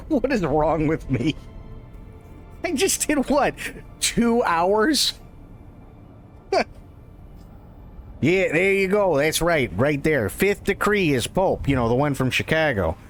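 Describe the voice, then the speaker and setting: A man's voice: on the high side, very animated, takes it slowly, pauses often, soft background music. A man streaming a role-play game, rambling through jokes with frequent laughter and casual swearing.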